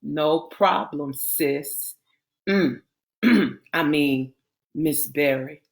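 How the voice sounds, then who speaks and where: A woman's voice: low voice, drawn-out words, vocal fry, pitched below the performer's own voice, full character voice. A woman voicing Jason, a humble, polite young man. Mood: sheepish. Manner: modest, polite.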